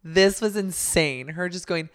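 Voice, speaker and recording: A woman co-hosting a casual chat, talking quickly with jokes and asides. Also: fairly low pitch. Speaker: podcast co-host. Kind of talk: casual chat about reality TV.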